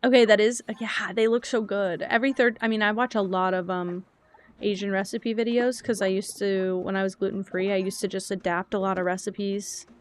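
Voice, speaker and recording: A woman's voice: mid-range voice, flat delivery, normal speed, slight background noise. A young woman chatting casually while streaming a cozy game, rambling, thinking aloud and answering chat.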